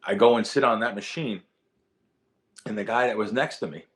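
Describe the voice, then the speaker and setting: A middle-aged man telling his story as a guest in a podcast interview, animated and repeating words as he gets going. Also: on the low side, normal speed. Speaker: guest, sports bettor.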